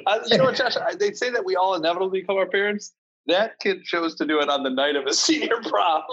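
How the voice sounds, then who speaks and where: A man's voice: high-pitched, fast, a bit bright, slightly rough, muffled recording. A man co-hosting a podcast, riffing in sardonic, profane banter on a casual video call. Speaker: podcast co-host. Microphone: video call mic.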